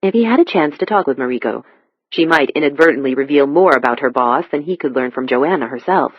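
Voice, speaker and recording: Measured thriller narrator; mid voice, dull dry close sound. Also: medium pitch, animated, no echo. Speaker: audiobook narrator. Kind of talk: scripted narration.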